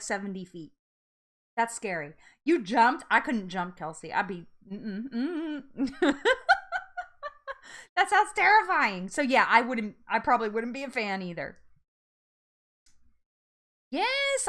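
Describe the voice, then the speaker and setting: A woman hosting a casual live-stream chat, bubbly and chatty, laughing often and reacting out loud to viewer comments. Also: a little high.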